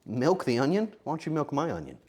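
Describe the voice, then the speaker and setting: A man's voice: a little high, wildly swooping pitch, fast talker, darkish tone, slightly rough. A male streamer chatting casually with his viewers while cooking, playful and joking. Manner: playful, joking banter with chat.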